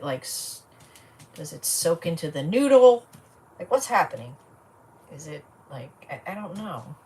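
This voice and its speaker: A woman's voice: sits low, darkish tone, distant mic. Chatty crafter woman, a bit off-mic. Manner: chatty, thinking aloud as she works. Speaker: crafter livestreaming a project. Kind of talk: casual chat while crafting. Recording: voice set back from the mic, faint noise.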